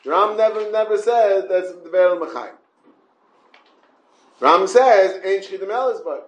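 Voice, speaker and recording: A man with a high-pitched voice teaches a Talmud class in a roomy-sounding space. He's halting, often repeating words and restarting, stumbling along and frequently putting questions to his listeners.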